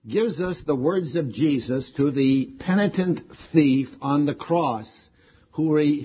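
Male preacher with a husky, somewhat high voice, punching repeated key words; dull lo-fi recording. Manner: emphatic, repeats key words with rising stress. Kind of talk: sermon.

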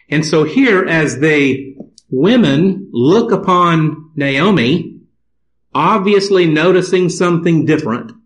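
Slow, deliberate male preacher. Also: fairly high pitch, rough recording. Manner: slow, deliberate scripture reading and exposition. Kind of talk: sermon.

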